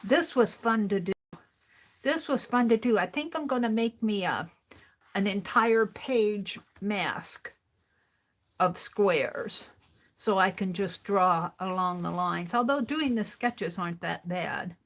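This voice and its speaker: A woman's voice: medium pitch, slow pace. A woman hosting a casual art journaling stream from her craft desk, chatting and thinking aloud as she works, often repeating her own phrases. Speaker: art journaling livestream host. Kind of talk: casual chat while crafting.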